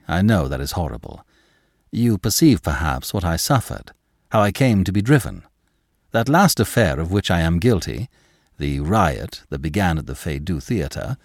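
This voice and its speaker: A man voicing a passionate young gentleman who speaks with formal gallantry and heated conviction. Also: deep voice, no room sound, studio quality, pitched below the performer's own voice.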